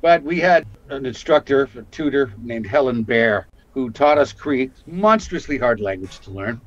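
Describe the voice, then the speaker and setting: An older man from Canada, an actor telling lively stories about his career in a casual interview. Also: mid-range voice, moderate pace, dry recording, lo-fi sound. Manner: animated storyteller, acts out quotes. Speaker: guest actor.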